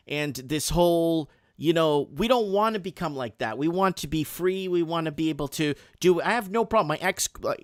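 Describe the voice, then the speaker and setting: A man's voice: high-pitched, fairly bright tone, no room sound, clean studio sound. A man hosting a casual political chat, talking in a rambling way with many restarts and repeated words. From Canada. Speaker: show host.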